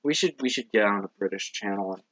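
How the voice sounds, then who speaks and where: A man co-hosting a snack review show, chatting casually in a laid-back, dry way with quick agreeing replies. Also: lowish voice, lively intonation, a bit bright. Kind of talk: casual chat. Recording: lo-fi dull recording.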